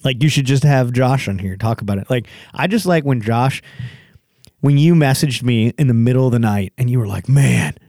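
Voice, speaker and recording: Animated storytelling man, dry close sound. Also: normal speed, dry recording. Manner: animated storyteller, mimics others in jumpy high voices. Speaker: podcast guest. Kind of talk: casual storytelling chat.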